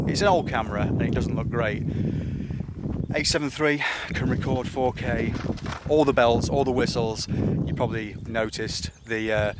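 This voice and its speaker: A man chatting casually to camera on a cliff top, relaxed and enthusiastic. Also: mid-range voice. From England. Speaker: outdoor vlogger. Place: cliff top outdoors at evening. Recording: noisy outdoor camera audio.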